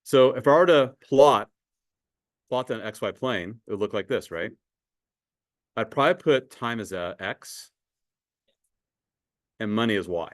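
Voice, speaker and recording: A man's voice: lowish voice, animated, measured pace, long pauses, no room sound, clean studio sound. A man teaching a math class in a conversational way, asking students questions and often repeating words. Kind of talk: classroom lecture.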